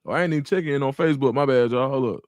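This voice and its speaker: A young man, hosting a casual livestream and reading viewers' comments aloud in an animated way. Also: mid-range voice, racing, no echo. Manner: animated, talks to the chat, reads comments aloud. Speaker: livestream host.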